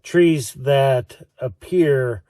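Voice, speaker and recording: A man's voice: medium pitch, drawn-out words, mellow, no room sound, clean studio sound. A middle-aged man, out of breath, chatting casually and rambling with self-deprecating asides while working outdoors on a snowy road. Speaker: homesteader vlogger.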